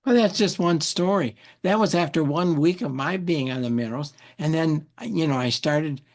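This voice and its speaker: A man, an interview guest, telling an animated story, often repeating words and acting out what people said. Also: on the high side, normal speed. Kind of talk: anecdotal storytelling.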